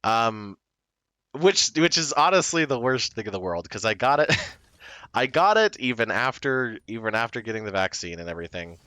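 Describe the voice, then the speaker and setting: Rambling male streamer, lively pitch. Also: normal speed, smooth, no echo. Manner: rambling, self-deprecating, lots of fillers and restarts; breaks into short laughs. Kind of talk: casual chat to stream viewers.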